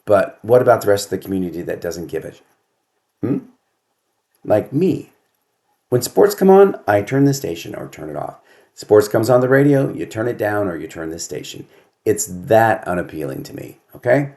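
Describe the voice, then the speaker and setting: Older male host, low-pitched, grumbly and sarcastic, casual home vlog rant. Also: big pitch swings, moderate pace, creaky, darkish tone. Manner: grumbling, sarcastic complaints with rhetorical questions.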